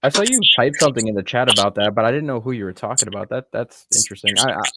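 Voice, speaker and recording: A man from the US East Coast chatting calmly on a livestream call. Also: medium pitch, rapid-fire, no room sound. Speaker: guest in a stream chat. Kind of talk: casual livestream chat.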